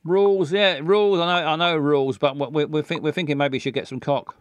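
A man's voice: on the high side, steady tone, brisk, no echo, muffled recording. A man, giving bawdy, joking commentary on a game stream.

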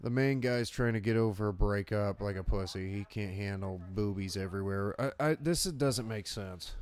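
A man's voice: lowish voice, moderate pace. A man co-hosting a casual horror movie commentary, rambling, joking crudely and swearing a lot. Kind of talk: casual chat.

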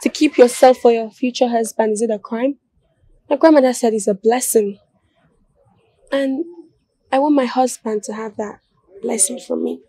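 A young Nigerian woman with a high voice who speaks firmly and sternly. Her Nigerian English accent is clear. The sound is dry and close. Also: normal speed, pauses often, warm tone, no echo. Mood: defensive. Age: young adult. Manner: firm, stern. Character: young woman, principled and sharp-tongued. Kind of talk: Nollywood film acting.

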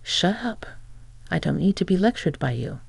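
A narrator voicing a blustering ex-husband. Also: male voice, high voice, big pitch swings, moderate pace, gravelly, husky, no echo, heavily acted. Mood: irritated. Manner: defensive, blustering. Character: angry, flustered male ex-husband.

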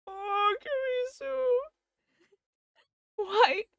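A woman's voice: extremely high pitch, drawn-out words, a bit bright, dry recording, studio quality, voice pushed up, heavily acted. A woman voicing a wounded, dying young female scientist, crying and speaking in broken phrases while reading a visual novel aloud. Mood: heartbroken.

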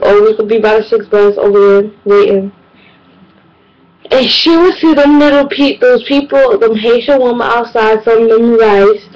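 A young woman vlogger with a medium-pitched voice tells exasperated comedic stories in a casual, slangy monologue. Her storytelling is animated, and the audio sounds dull.

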